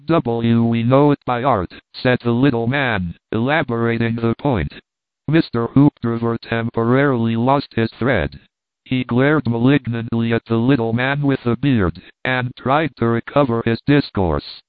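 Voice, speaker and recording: A man reading a classic novel aloud in a measured, wry storytelling manner. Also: medium pitch, no room sound. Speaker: narrator. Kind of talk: audiobook narration of classic fiction. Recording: tinny phone-like dry sound.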